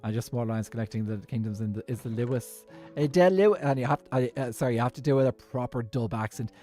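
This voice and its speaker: A man with a Dublin Irish accent chatting casually while streaming a game, rambling and halting, with lots of fillers and restarts. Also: mid-range voice, little pitch movement, dark tone, soft background music. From Ireland.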